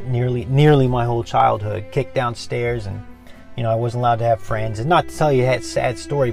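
A man giving an informal devotional message, earnest and repetitive, often dropping to a soft, low voice. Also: gravelly. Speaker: preacher.

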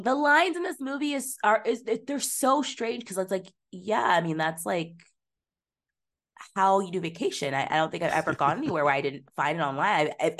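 A woman's voice: medium pitch, a bit bright. A woman co-hosting a podcast, chatting casually about a movie, swearing freely and slipping into mocking impressions. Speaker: podcast co-host. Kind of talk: casual movie-review chat.

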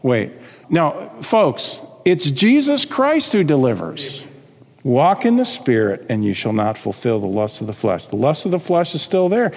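A male pastor preaching a sermon, reading scripture and acting out quotes with lively emphasis. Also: mid-range voice, a little slow, in a large hall.

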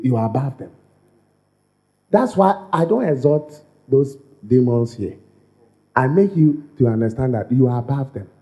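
A man preaching a sermon as pastor, repeating phrases and restarting lines as he builds his point. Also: mid-range voice. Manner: repetitive, animated preaching with stammered restarts.

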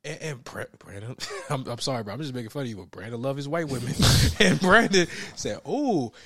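A man co-hosting a casual chat, telling stories with loud laughing outbursts and mimicked voices. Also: mid-range voice, animated, a little fast, crowd noise. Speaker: podcast co-host.

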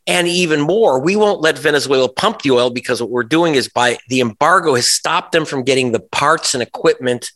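Guy being interviewed, journalist type, punchy bright voice, emphatic and sarcastic, keeps restarting his sentences. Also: a little high, a little fast, few pauses. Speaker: journalist guest. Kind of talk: conversational interview.

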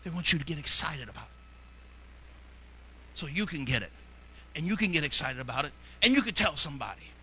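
A middle-aged man preaching a sermon as pastor, fervent, shifting between loud exhortation and quiet asides. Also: fairly high pitch, lively intonation, brisk, pauses often, breathy edge.

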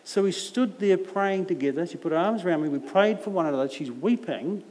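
A middle-aged visiting preacher gives an anecdotal sermon in a church hall, his stories sprinkled with humorous jabs at himself. His voice is high-pitched, expressive, brisk and a little mellow, carried by the long echo of a large hall.

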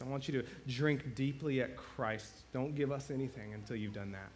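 A man's voice: medium pitch, fairly even intonation, a little fast, hardly any pauses. Conversational preaching pastor, man. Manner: conversational preaching, asks the congregation questions; builds to loud emphatic climaxes. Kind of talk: sermon.

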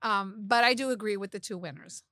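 Blunt, bright-voiced middle-aged woman. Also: mid-range voice, dry recording, studio quality. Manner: blunt, swearing, halting restarts. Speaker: guest, mother-in-law. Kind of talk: casual podcast chat.

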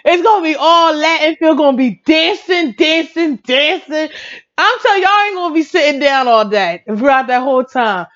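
A woman chatting casually about pop music and celebrity gossip, excitable, laughing often and breaking into song. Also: high voice, a little fast, hardly any pauses, muffled recording. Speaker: pop culture vlogger.

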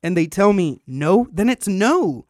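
This podcast host's voice sits high, and he speaks at a measured pace in a dry, clean studio recording. Telling a story, he's casual, animated and profane, acting out the quotes of the people involved.

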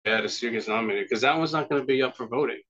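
A man's voice: mid-range voice, rapid-fire, fairly bright tone, highs cut off. A man co-hosting a casual podcast, teasing and joking, laughing often and swearing freely. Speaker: podcast co-host.

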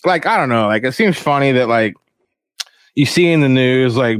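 A man rants loosely on his podcast, swearing freely and rambling from one gripe to the next. He breaks into shrill mocking voices to make his point. His voice sits in a middle pitch and sounds dry and close to the mic. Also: animated, moderate pace, smooth, no echo. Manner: profane, rambling, mocks others in shrill voices. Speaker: podcast host. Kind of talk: casual rant. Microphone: headphones on, close mic.

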